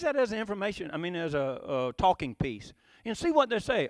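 Lively high-voiced man preaching. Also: brisk, dry recording, studio quality. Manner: animated, rhetorical questions, frequent chuckles. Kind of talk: sermon.

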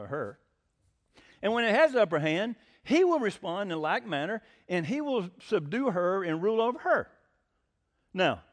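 A man preaching a sermon, asking the congregation questions and acting out short quoted exchanges. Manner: lively, swinging pitch, acts out quotes. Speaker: pastor.

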